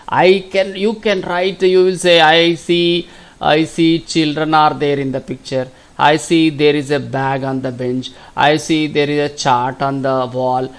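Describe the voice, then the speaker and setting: Indian man teaching slowly, repeating himself. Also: a little high. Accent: Telugu. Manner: slow, repeats questions and answers. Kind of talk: classroom lesson.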